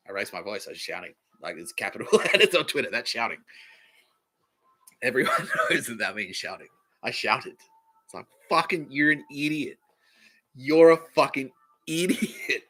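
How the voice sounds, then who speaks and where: A man's voice: fairly low pitch, big pitch swings, brisk, pushed and bright. A young Australian man hosting a podcast, rambling through a profane, sarcastic comedy monologue and often laughing at himself. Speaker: podcast host.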